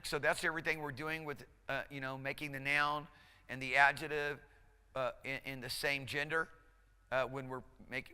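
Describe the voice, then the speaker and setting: A male instructor lecturing a class, encouraging and conversational, drilling pronunciation slowly, syllable by syllable. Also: fairly high pitch, bright, forceful tone, clean tone. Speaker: Hebrew instructor. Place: lecture hall. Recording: lecture hall reverb.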